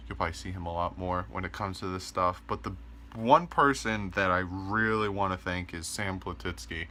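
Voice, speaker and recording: A man in his twenties rambling casually to camera in his bedroom, joking around and filling pauses with ums. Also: sits low, bright, forceful tone, a little hiss or hum. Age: 20s. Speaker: vlogger. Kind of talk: casual vlog talk to camera.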